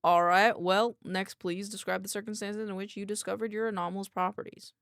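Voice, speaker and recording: A woman's voice: mid-range voice, fairly even intonation, rapid-fire, vocal fry, a little mellow, dry recording, studio quality, lightly acted. A woman voicing a nerdy male head researcher with a nasal voice, politely formal and apologetic.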